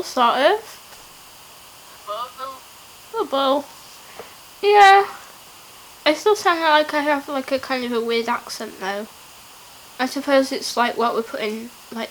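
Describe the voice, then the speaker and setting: A woman's voice: high voice, fairly bright tone, slight background noise, low-quality recording. A young woman vlogging in a casual, playful and giggly way, often laughing at herself. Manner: giggly, playful, self-mocking. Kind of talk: casual challenge vlog.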